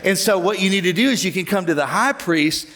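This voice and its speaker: A male pastor preaching a sermon to his church, animated, joking and conversational. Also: high voice, a little fast, a little hiss or hum. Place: church auditorium.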